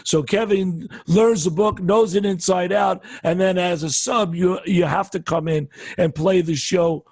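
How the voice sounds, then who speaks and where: Husky high-voiced jokey male host. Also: a little slow, few pauses, no room sound, clean studio sound. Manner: jokey, animated storyteller, laughs often. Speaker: interview host, fellow musician. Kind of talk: casual video interview.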